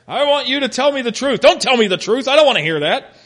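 A man's voice: expressive, quick pace, a bit bright, full character voice. A man putting on a whiny, petulant king. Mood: exasperated. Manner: exasperated, complaining, high-pitched.

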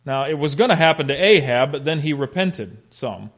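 Animated man teaching a Bible lesson. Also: on the high side, normal speed. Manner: animated, questioning the class, humorous.

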